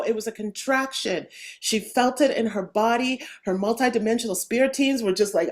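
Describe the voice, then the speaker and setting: A woman hosting a podcast interview, talking in an enthusiastic, animated way with lots of fillers and restarts. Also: on the high side, normal speed. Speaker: podcast host. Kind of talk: casual interview chat.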